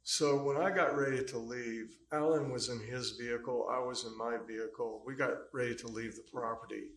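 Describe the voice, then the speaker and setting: A man on the witness stand recounts events in a rambling, halting manner, often pausing on fillers. His voice has a gravelly, creaky edge. The courtroom mic picks up noticeable room echo. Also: mid-range voice, fairly even intonation. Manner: rambling storyteller, hesitant with many fillers. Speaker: trial witness. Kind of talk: courtroom testimony.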